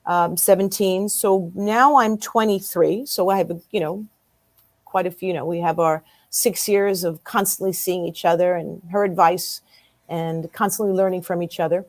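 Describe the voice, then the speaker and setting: A woman's voice: fairly low pitch, normal speed, dry recording. A woman in her fifties, a guest in an interview, telling a personal story casually and acting out the dialogue as she goes. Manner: animated storyteller who acts out quoted dialogue.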